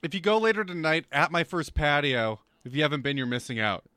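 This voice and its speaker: A Canadian man co-hosting a casual podcast, animated and swearing, a little tipsy. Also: fairly high pitch, a little fast, smooth, dry recording. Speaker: podcast co-host. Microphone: studio mic.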